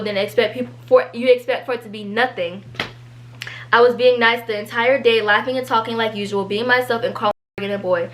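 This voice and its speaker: A teenage girl, telling a storytime vlog and reading out an argument, animated and exasperated. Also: fairly high pitch. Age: teens. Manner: animated, exasperated, quick asides. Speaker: vlogger.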